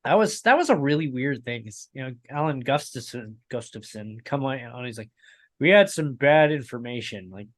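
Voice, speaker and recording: A man's voice: mid-range voice, lively intonation, brisk, few pauses, fairly bright tone. A man co-hosting a casual racing podcast, telling long rambling stories with frequent chuckles. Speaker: podcast co-host. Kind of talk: casual chat.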